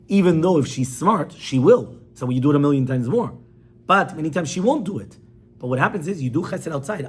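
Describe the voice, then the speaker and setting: A man, a rabbi giving a class on marriage, telling a parable with lively acted-out voices. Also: slightly rough. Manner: animated, acts out characters with big pitch swings. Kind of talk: lively storytelling sermon.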